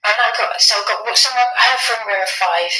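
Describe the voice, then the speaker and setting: A frightened woman speaks in a high, piercing voice, hushed and tearful, halting and repeating herself. She is recorded from a distance in a small, echoey bathroom. Faint music sits underneath. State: shaking and frightened. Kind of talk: distressed self-recording.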